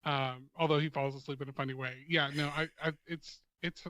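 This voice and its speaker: Halting, amused podcast guest man. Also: on the high side, fairly even intonation, pushed and bright, no room sound. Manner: halting, many restarts and fillers, amused. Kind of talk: casual podcast chat.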